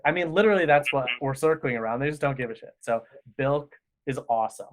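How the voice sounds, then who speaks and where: A man's voice: a little high, a little fast, a bit bright. Rambling, enthusiastic man. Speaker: podcast director. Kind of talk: casual interview chat.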